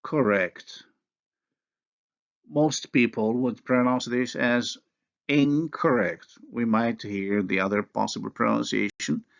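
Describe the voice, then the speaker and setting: A man's voice: mid-range voice, steady tone, gravelly. A man giving a recorded linguistics lecture, who carefully sounds out each example word. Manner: slow, deliberate, carefully sounds out example words. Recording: dull lo-fi recording.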